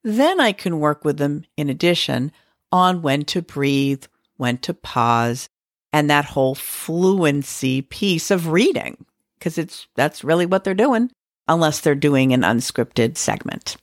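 Low-voiced woman teacher hosting a podcast. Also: animated, slow pace, no echo, clean studio sound. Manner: conversational, musing aloud with fillers. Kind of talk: educational podcast talk.

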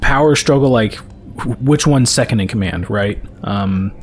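A man's voice: on the low side, moderate pace, slight background noise. A man playing a tabletop game, thinking aloud hesitantly. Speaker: player. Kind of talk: casual tabletop play.

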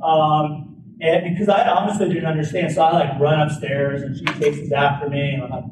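A man's voice: fairly high pitch, moderate pace. A man telling a personal story in a talk, informal, with lots of "like" fillers and restarts. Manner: informal, many "like" fillers and restarts, lively retelling. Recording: roomy, distant mic, faint background noise.

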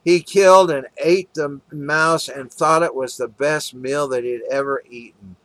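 Man, sermon storytelling, earnest, slightly high voice, dry close sound. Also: steady tone, a little slow, a bit bright, no room sound. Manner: earnest storytelling with plain acted quotes. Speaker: preacher.

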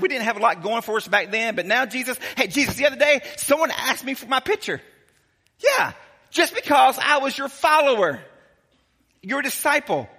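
Guy doing a fawning excited disciple, high and bright, big echoey hall. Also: slightly rough, full character voice. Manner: gushing, wheedling, excited. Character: eager fawning male disciples begging favors.

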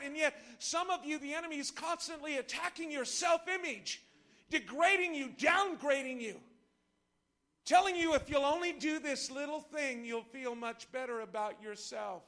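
A man preaching a sermon in church, impassioned and playful with the congregation, swinging from shouts to hushed lows. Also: normal speed. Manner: impassioned, rising to shouts, then dropping low. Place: church service before a congregation.

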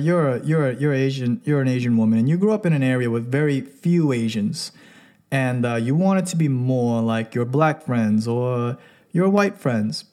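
A man talks straight to his listeners in a casual opinion monologue. His delivery is emphatic, and he leans on "look" and "right?" again and again. His voice sits at an ordinary middle pitch. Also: a little mellow. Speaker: commentator.

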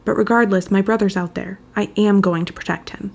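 Harry, a quiet, stern boy wizard, as a woman reads him. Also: mid-range voice, fairly even intonation, fairly quick, gravelly. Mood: calm. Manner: quiet, mild, unyielding.

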